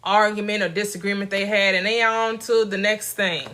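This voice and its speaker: A woman's voice: mid-range voice, fairly even intonation, moderate pace, pushed and bright. A middle-aged woman hosting a casual motivational talk, emphatic and direct, laughing often between her points. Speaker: motivational channel host.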